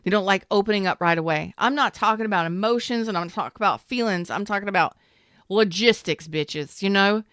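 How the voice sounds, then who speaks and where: A woman, a tarot reader and love coach, chatting casually and bluntly on a livestream with animated storytelling. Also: mid-range voice, fairly quick, no room sound, clean studio sound.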